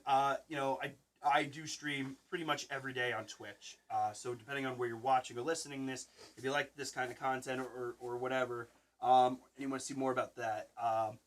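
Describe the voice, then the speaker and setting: A man in his thirties hosting a casual podcast chat, rambling through stories and acting out what people said. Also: medium pitch. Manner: rambling storyteller, acts out quotes loudly. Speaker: podcast host and Twitch streamer.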